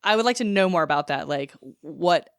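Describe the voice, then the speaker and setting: A woman co-hosting a casual book podcast, relaxed and easily amused, with a loose, rambling way of talking. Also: fairly low pitch, a little fast, creaky, clean tone, dry recording, studio quality. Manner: relaxed, laughs often, lots of fillers. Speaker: podcast co-host. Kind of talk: casual book-club chat.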